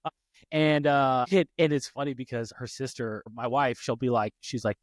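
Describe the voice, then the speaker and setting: A man's voice: medium pitch, normal speed, dry recording. A man in his late twenties, a podcast host in casual chat, telling stories and acting out quotes with a rising voice. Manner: animated, acts out quotes with rising voice.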